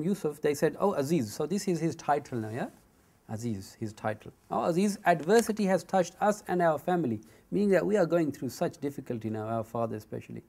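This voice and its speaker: Teaching a Quran commentary lesson, a man recites the Arabic verses quickly before explaining them in English, with frequent asides along the way. His voice is a little high, gravelly and warm.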